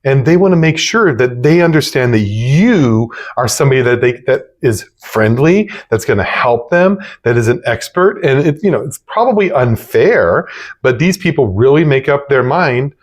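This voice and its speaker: A man's voice: medium pitch, normal speed. A man who runs a business, talking casually and conversationally about sales techniques and now and then acting out cheerful phone greetings. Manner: relaxed, conversational, demonstrates upbeat phone greetings. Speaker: business owner teaching sales. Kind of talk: casual instructional talk.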